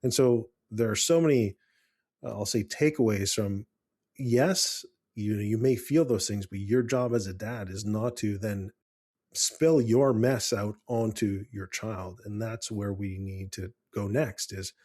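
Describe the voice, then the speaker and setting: Earnest low-voiced man giving dad advice. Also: unhurried, darkish tone. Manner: earnest, with frequent restarts and fillers. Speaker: podcast co-host. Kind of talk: casual parenting advice chat.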